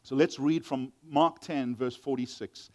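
A male pastor preaching an animated sermon, reading scripture aloud and acting out the voices of the people in it. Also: medium pitch, unhurried. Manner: animated Bible reading and teaching with dramatic voices.

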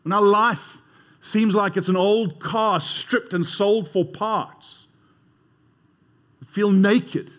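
High-voiced man preaching emphatically. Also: fairly even intonation, slow pace, pauses often, fairly bright tone. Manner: emphatic, conversational preaching with repetitions. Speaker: pastor. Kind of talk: sermon.

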